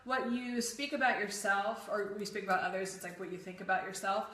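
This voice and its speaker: A woman's voice: mid-range voice, fairly quick, fairly bright tone, echoey room, recorded from a distance, slight background noise. A woman co-hosting a live fitness show, talking in a chatty, casual way full of fillers. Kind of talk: casual live-stream chat.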